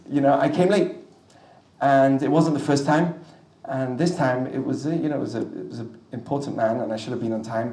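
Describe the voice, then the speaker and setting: A male rabbi teaching a class with a live audience, chatty and storytelling, with quick asides to the listeners. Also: medium pitch, dark tone. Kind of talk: lively classroom teaching with anecdotes. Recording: roomy distant mic in a hall.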